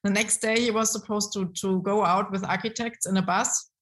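A woman's voice: mid-range voice, fairly quick, poor audio. Woman telling business stories. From Germany. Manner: lively storytelling with frequent um and restarts. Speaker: guest, brand consultant. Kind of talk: casual interview talk.

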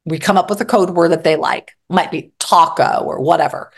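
A woman therapist talking in an interview, animated and acting out quoted exchanges. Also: fairly low pitch, normal speed, gravelly, slightly rough. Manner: animated, acts out quoted dialogue. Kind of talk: interview conversation.

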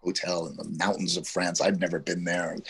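Deep gravelly man from Yonkers. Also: little pitch movement, fairly quick, a bit bright. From Yonkers, New York. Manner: rambling, reflective, heavy on fillers. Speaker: guest actor. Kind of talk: casual interview storytelling.

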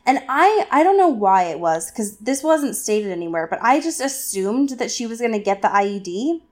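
A woman co-hosting a casual podcast, recapping a novel chapter with lots of fillers and quick asides. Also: a little high, sing-song. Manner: chatty, filler-heavy, acts out characters in quick asides. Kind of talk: casual chat.

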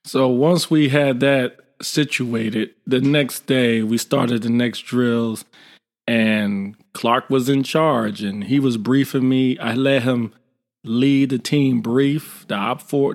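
A gravelly-voiced middle-aged man shares an army story in a blunt, informal way. He keeps the telling lively and slips into the voices of the people in it. His pitch sits in a middling range. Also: measured pace. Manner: lively, acts out quoted dialogue. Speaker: military veteran guest. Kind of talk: casual storytelling.

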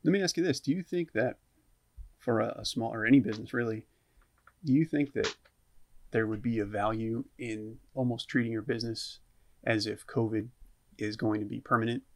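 A man's voice: medium pitch, moderate pace. A man interviewing a guest, asking long, probing questions in a casual conversation.

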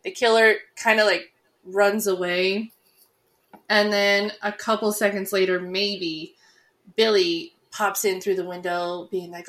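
A woman talks through a film on a casual podcast with her co-host. Her delivery is relaxed and conversational. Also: mid-range voice, unhurried. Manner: relaxed, conversational, frequent "like" fillers. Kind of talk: casual movie recap chat.

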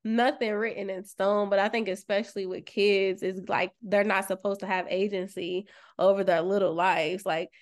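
Woman co-host on a chill podcast, thinking out loud, lots of um and like while she finds words, middle pitch. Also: steady tone, moderate pace. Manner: reflective, searches for words, laughs softly. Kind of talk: casual podcast chat.

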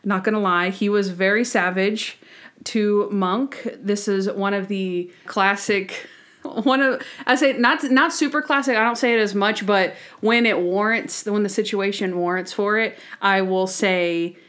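A woman's voice: medium pitch, unhurried. A woman co-hosting a podcast, first narrating an episode summary, then chatting about it animatedly with frequent laughs. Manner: animated, laughs often, acts out quotes. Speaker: podcast co-host. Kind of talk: casual chat recapping a TV episode.

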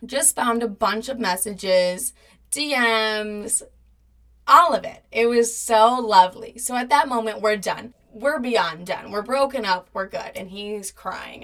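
A young woman in her twenties telling a casual storytime in a blunt, profane, animated way, acting out quotes as she goes. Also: medium pitch, takes it slowly, recorded from a distance.

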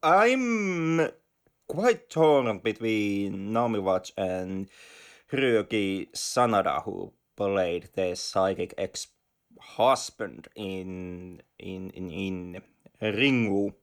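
A man's voice: low voice, very slow. A man co-hosting a film podcast, talking casually with hesitant restarts. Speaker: podcast co-host.

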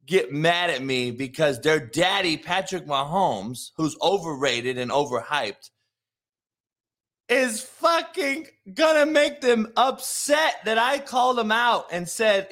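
A man hosts a live sports talk show with a high-pitched voice. His bright, cutting tone carries a combative, profane rant that swings into bursts of shouting. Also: big pitch swings, takes it slowly. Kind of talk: ranting live show monologue.

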